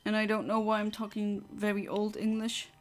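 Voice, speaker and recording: A woman's voice: mid-range voice, completely flat delivery, moderate pace, soft background music. A woman chatting casually with her viewers during a game livestream, rambling and answering chat. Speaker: streamer.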